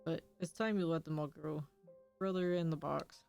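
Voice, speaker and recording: A woman's voice: deep voice, steady tone, normal speed, darkish tone, soft background music. A woman streaming a game, reading its story dialogue aloud and reacting with laughter and swearing in casual commentary.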